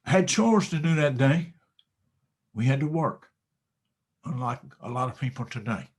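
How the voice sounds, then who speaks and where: A man giving a motivational speech, telling a story dramatically and swinging from whispers to loud bursts. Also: mid-range voice, lively intonation, normal speed, slightly rough. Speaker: motivational speaker.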